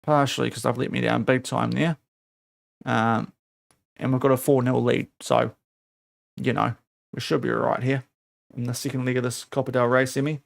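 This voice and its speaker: A man's voice: mid-range voice, flat delivery, normal speed, creaky, pauses often, no room sound. A young man streaming a football management game, talking casually and scolding his virtual players in exasperation. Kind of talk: casual live-stream commentary.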